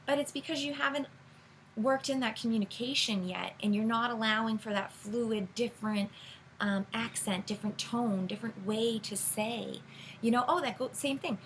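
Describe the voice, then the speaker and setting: A woman's voice: on the high side, normal speed, a bit bright, slight background noise, poor audio. A woman tarot reader teaching beginners in a loose, rambling way, with many fillers and restarts. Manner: rambling, filler-heavy, self-correcting. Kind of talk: casual teaching monologue.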